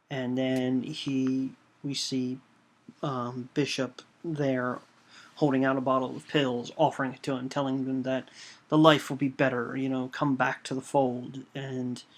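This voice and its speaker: Monotone man pitching a storyboard. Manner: hesitant, full of "um" and "you know". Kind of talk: storyboard pitch, describing scenes.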